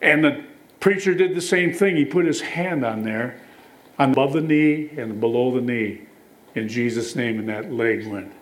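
A man's voice: mid-range voice, normal speed, poor audio. A man preaching a sermon, telling stories, reading scripture aloud and putting questions to the listeners. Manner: storytelling, quotes scripture, asks the congregation questions.

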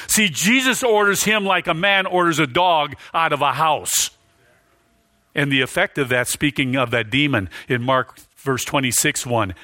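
A male preacher delivering a sermon with a bright, forceful, slightly high voice. He repeats lines for stress and builds toward near shouts. The recording is close and dry. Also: normal speed, dry recording.

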